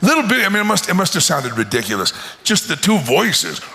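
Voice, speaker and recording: A male pastor preaches with a lively, storytelling energy, acting out voices and laughing often. His speech swings widely in pitch and has a gravelly edge. His tone is bright and forceful. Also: fairly quick. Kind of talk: sermon.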